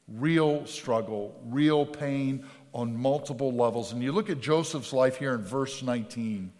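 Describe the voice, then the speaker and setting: A man preaching a sermon as pastor, conversational, telling personal stories and asking quick rhetorical questions. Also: mid-range voice, a little mellow, long reverb tail.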